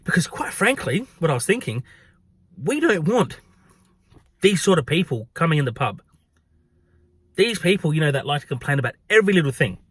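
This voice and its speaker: An Australian man ranting through a workplace story, swearing a lot and gossiping. His voice sits fairly high and swings widely in pitch. The sound is dry, with no room echo. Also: brisk, pauses often, breathy edge. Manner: animated, profane, gossipy. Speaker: pub worker. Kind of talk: storytelling vlog.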